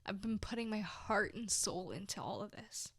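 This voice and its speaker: A woman's voice: mid-range voice, expressive, moderate pace, breathy edge, no room sound. A woman in her twenties hosting her own show, talking casually and heartfelt to her listeners, effusive and giggly. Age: 20s. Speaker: podcast host. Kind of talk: casual solo talk to listeners.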